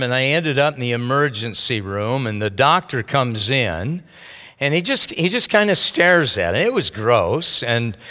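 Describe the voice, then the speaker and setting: Animated high-voiced man preaching. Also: long reverb tail. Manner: animated preaching with storytelling asides. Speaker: pastor. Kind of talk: sermon.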